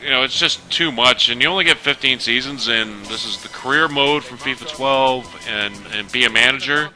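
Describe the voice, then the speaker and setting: A man's voice: mid-range voice, normal speed, bright, forceful tone, faint music behind. A man casually talking over his football game footage, rambling with lots of fillers and restarts. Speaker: gaming video host. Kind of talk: casual gameplay commentary.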